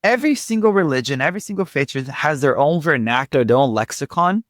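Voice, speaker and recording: A man's voice: on the high side, animated, fast talker, no room sound, clean studio sound. A man speaking as a spiritual teacher in an interview, reflective and searching for words, then emphatic. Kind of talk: conversational interview.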